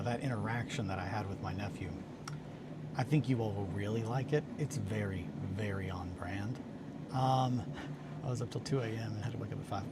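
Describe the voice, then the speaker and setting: A man's voice: fairly low pitch, heavy background noise. A tired man hosting a casual hobby livestream from his home workshop, telling a story in a rambling way with restarts and fillers. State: tired, just woken up.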